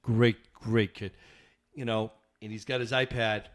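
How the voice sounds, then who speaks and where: A middle-aged man with a lowish voice and measured pace co-hosts a casual podcast. Animated in his storytelling, he voices the people he describes.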